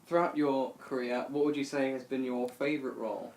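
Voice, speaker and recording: A man's voice: mid-range voice, level tone, fairly quick, darkish tone. A man asking brief, plain interview questions. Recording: echoey room with faint background noise.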